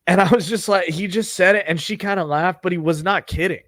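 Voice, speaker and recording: A man's voice: fairly high pitch, fast talker, few pauses, no echo, studio quality. A man hosting a podcast who tells a comedy story in a rambling, profane, offhand way. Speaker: podcast host.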